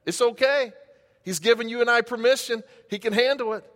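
A man's voice: very high voice, a little fast, fairly bright tone. A man preaching a sermon as pastor, impassioned and conversational, talking straight to the congregation. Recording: long hall reverb.

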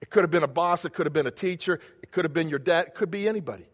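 Male preacher with a high voice, repeating phrases for emphasis, heard in a reverberant church hall. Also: racing. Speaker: pastor. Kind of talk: sermon.

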